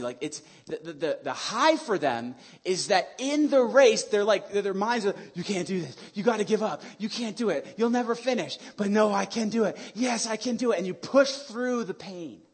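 Husky, high-voiced male pastor preaching. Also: fairly bright tone. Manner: conversational, playful preaching with audience call-and-response. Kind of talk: sermon.

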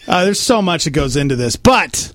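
A man hosting a morning radio show, playful and animated as he reads segments and banters. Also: fairly high pitch, normal speed.

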